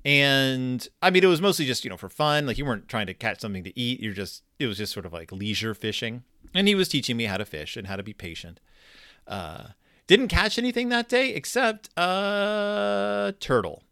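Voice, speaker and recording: A man in his thirties tells rambling, self-deprecating stories on his own podcast, often restarting his sentences. His voice is bright and lively and swings widely in pitch. The sound is dry and close, with no room around it. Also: moderate pace, smooth, dry recording. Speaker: podcast host. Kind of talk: casual storytelling monologue.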